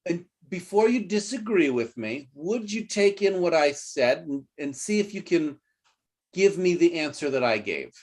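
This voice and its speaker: A man's voice: on the high side, sing-song, a little slow, a little mellow. Male English teacher, firm but patient, models sentences aloud. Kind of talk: online English lesson.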